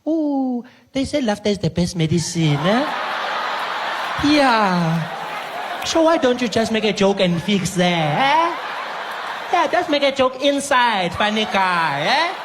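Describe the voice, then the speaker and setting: A man voicing a gruff, mocking hospital check-in woman, loud and taunting, drawing out every "eh?". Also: high-pitched, very animated, takes it slowly, pitched above the performer's own voice, exaggerated voice. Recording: live club recording with audience noise.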